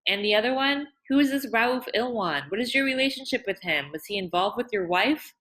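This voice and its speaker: A woman's voice: expressive, a little fast, a bit bright. A woman doing a distraught pleading young woman. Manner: high, pleading, emotional delivery.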